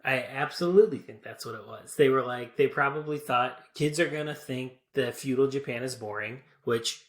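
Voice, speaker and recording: A man's voice: medium pitch, moderate pace, fairly bright tone, reverberant. A man in his thirties co-hosting a podcast, chatting casually about a movie with frequent laughs and hedging. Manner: laid-back, laughs often, hedging. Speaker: podcast co-host. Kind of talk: casual movie review chat.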